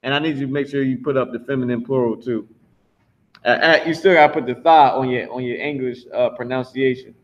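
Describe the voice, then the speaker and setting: A man teaching a live online language class, drawing out drilled words slowly and talking bluntly. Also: mid-range voice, fairly even intonation, lo-fi sound. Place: Philadelphia.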